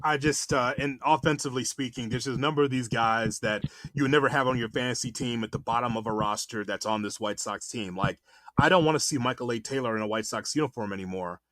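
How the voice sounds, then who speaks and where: A man co-hosting a sports podcast who rants excitably, his voice jumping up as he gets going. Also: medium pitch, fast talker, dry recording. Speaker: podcast co-host. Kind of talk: casual sports chat.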